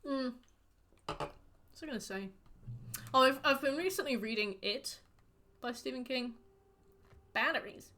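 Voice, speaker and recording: A woman's voice: sits high, a little slow, long pauses, bright, forceful tone. A woman streaming a game, chatting casually with her viewers in a rambling, playful way. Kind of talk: casual chat while gaming.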